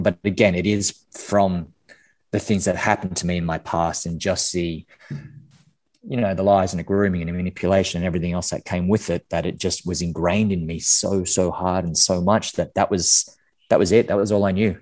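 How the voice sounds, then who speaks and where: This is an Australian man in his forties with a low, deep voice. He talks frankly and casually as a podcast guest and now and then swears. He often repeats a word or two as he starts a sentence. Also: fairly even intonation, normal speed, a little mellow. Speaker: guest, memoir author. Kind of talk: candid podcast conversation.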